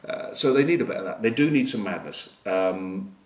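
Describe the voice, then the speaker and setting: With a fairly low, darkish, expressive voice at normal speed, a man previews a rugby match casually, wry and joking, leaning on fillers and asides. The rugby pundit is recorded by a camcorder mic some distance away, giving roomy, distant sound.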